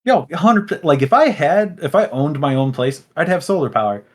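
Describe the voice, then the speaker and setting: A man's voice: fairly high pitch, animated, fairly quick. A young man from Illinois co-hosting a casual podcast chat, blunt and rambling, with plenty of fillers and swearing. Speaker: podcast co-host.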